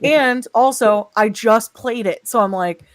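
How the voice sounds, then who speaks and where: A woman co-hosting a casual show reaction chat, expressive, laughing often and using lots of fillers. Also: on the high side, a little slow, no room sound. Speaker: podcast co-host.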